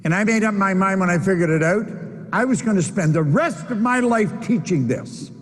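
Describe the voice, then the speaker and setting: An older man with a husky, fairly high voice delivers a motivational keynote from a convention stage. He speaks emphatically and keeps coming back to the same phrases. His voice carries a long reverb from the large hall. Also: animated, normal speed. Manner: emphatic, repeats key phrases.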